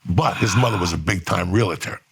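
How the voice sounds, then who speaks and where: A middle-aged man with a very low, gravelly voice tells a story on a podcast. He swears freely and slips into the voices of the people he describes, his tone husky and rough. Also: brisk. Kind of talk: animated storytelling.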